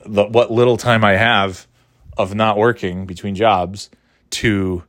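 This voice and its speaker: A man's voice: lowish voice, no room sound, studio quality. A tired, yawning man rambling sarcastically in a casual monologue, swearing freely and mocking himself. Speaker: vlogger.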